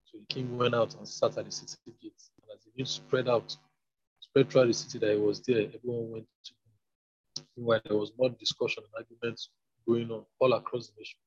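A man reading a Bible passage aloud in a plain, steady way. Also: medium pitch, brisk. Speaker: scripture reader. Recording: dull lo-fi recording.

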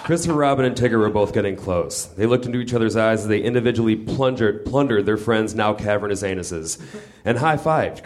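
Low-voiced guy deadpan reading a dirty story to a crowd, audience noise and laughs behind. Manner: deadpan, mock-literary. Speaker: comedian reading a story aloud. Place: small comedy theater with audience. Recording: live stage mic with audience laughter noise.

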